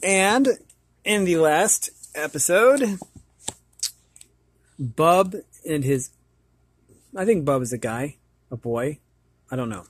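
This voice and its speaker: A man's voice: on the high side, animated, slow, pauses often, slightly rough, no echo. Hesitant man reading a storybook. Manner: hesitant, many fillers and repeated words. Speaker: channel host reading a children's book. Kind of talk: reading a children's book aloud.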